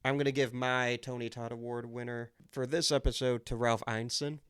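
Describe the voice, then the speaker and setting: Enthusiastic man with a smooth voice. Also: medium pitch, flat delivery, fairly bright tone. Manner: enthusiastic, emphatic, with quick restarts. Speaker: podcast co-host. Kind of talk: casual movie chat.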